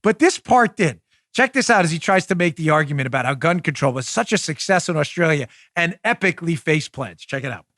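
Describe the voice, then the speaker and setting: An emphatic male podcast host talks into a close mic. His voice sits high and the sound is dry. He stays sarcastic and argumentative throughout. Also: expressive, a little fast, a bit bright, no echo. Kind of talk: animated political commentary.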